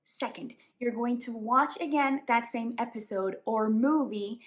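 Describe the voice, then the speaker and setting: A woman from Colombia with a Colombian Spanish accent, a native Spanish speaker, explaining English tips as a teacher in a clear, explanatory way. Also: a little high, a little slow. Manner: clear, explanatory, emphatic on examples. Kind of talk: tips lesson to camera.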